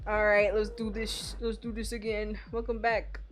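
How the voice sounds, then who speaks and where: A young woman streaming herself playing a game, chatting casually and playfully, swinging from loud outbursts to quiet mumbles. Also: medium pitch, monotone, moderate pace. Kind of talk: casual gameplay commentary. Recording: faint game music behind.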